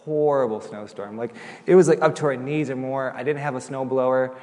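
Animated male pastor in a reverberant hall. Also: medium pitch, brisk. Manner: animated, chatty, acts out quoted voices. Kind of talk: sermon storytelling.

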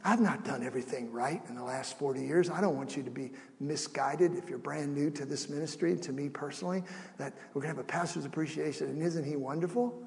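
Middle-aged guy preaching, soft then loud, acts out little asides, echoey hall. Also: fairly high pitch, quick pace, vocal fry. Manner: animated preaching with acted asides, shifting between soft and loud. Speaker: pastor. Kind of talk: sermon. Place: church sanctuary.

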